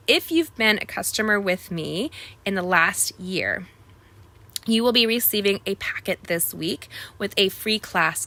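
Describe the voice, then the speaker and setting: A woman's voice: mid-range voice, bright, forceful tone. A woman, chatting bubbly and straight to viewers as host of a live crafting stream.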